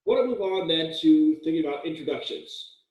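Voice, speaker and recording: A man's voice: a little high, expressive, a little fast, a little mellow, highs cut off. Joking male lecturer in an echoey room. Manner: casual, joking, with frequent fillers and restarts. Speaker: college writing instructor. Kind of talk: recorded lecture. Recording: echoey room, mic at a distance.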